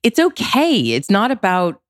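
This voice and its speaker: A woman relationship consultant giving advice in a podcast interview, expressive and emphatic, with big leaps in her voice. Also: a little high, a little slow, dry recording, studio quality.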